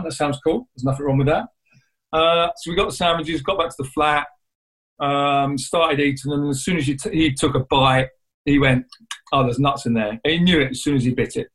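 A man with a slightly raised pitch tells a story conversationally. He stops and restarts his sentences often as he works through the memory. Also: a bit bright, poor audio. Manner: rambling, halting retelling with many restarts. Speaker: guest.

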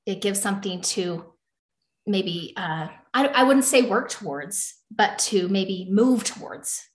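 A woman's voice: medium pitch, animated, slow. Woman host in an echoey room. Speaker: podcast host. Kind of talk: conversational interview.

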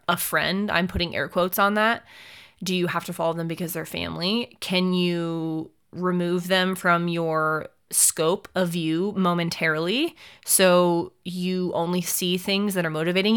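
A young woman coaching pageant hopefuls on her own podcast. Her voice is bright and forceful, smooth and crisp, and sits fairly low for a woman. She talks straight to the listener, motivating them and asking one rhetorical question after another. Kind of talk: solo podcast talk.

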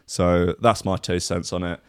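A man's voice: deep voice, little pitch movement, a little slow, smooth, no room sound, studio quality. An English man, a young adult, giving casual sarcastic commentary and swearing as he reads out a list. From England. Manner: sarcastic, swearing, laughs at own jokes.

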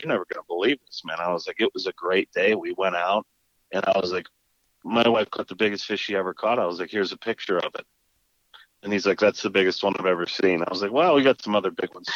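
In casual conversation, a man tells an energetic, animated story, acting out both sides of a quarrel. His voice is lowish, and the recording is muffled with no room sound.

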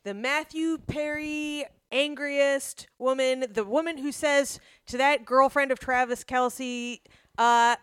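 A young adult woman co-hosting a comedy podcast, roasting with sarcastic, deadpan banter. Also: sits high, slow, clean tone, no echo, clean studio sound. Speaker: podcast co-host.

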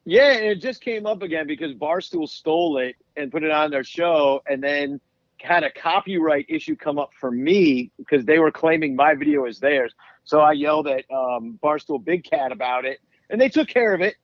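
A man with a higher-pitched voice speaks at a normal pace, recorded with no echo and with the highs cut off. He's a musician appearing as a guest in an interview, chatting casually and rambling through stories, laughing often and restarting a lot.

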